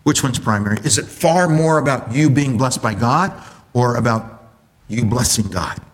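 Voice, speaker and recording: Man preaching, animated delivery, rhetorical questions to the crowd, loud then low. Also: normal speed. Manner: animated, swings from loud mock-enthusiasm to low earnest tones; addresses congregation with rhetorical questions. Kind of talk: sermon.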